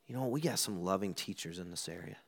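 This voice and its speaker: A middle-aged male pastor delivers a sermon, with a bright, forward tone in his voice. He tells stories from his own home and acts out quoted lines, swinging from loud to hushed as he goes. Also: low voice, fast, creaky. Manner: animated storytelling, acts out quotes.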